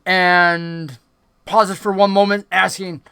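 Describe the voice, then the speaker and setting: A man's voice: high-pitched, level tone, takes it slowly, gravelly, bright, forceful tone, smooth, dry recording, studio quality. A man narrating as dungeon master in a tabletop game, describing scenes in a casual way with many fillers.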